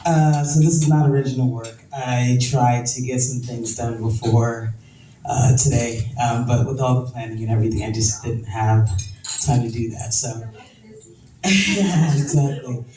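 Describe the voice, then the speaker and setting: A woman's voice: extremely low pitch, a little slow, recorded from a distance. A woman performing spoken word poetry with a rhythmic, emphatic delivery and repeated refrains. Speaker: poet. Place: event venue, roomy. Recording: echoey room from afar, faint noise.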